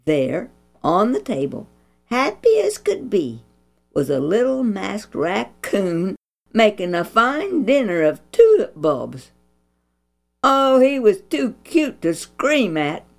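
Woman storyteller, slow and gravelly, lively pitch, soft music behind. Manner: expressive, preachy. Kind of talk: Christian children's story reading.

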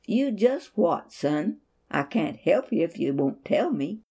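A kind, devout mother from a storybook, voiced by a woman reader, talking in a soft, mellow, motherly way. She speaks unhurriedly and soothingly, with a calm and steady faith. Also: on the low side, slow pace, slightly rough, full character voice. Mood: gentle, reassuring.

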